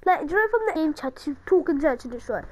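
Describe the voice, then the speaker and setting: A woman giving casual commentary over her own gameplay, excitable and taunting other players. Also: high voice, fast, poor audio.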